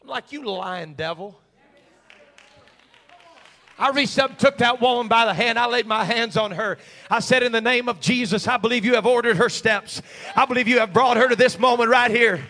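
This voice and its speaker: A man's voice: very high-pitched, fairly quick, hardly any pauses, pushed and bright. A man, a pastor, preaching a sermon and telling a personal story in a conversational way.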